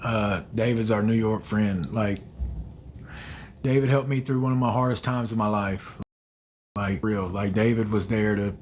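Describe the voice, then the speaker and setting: A man in his thirties hosting a phone livestream, answering viewer comments in a hesitant, soft-spoken way with many fillers and quiet trailing murmurs. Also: lowish voice, steady tone, a little slow, a little hiss or hum, rough recording. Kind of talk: casual livestream chat.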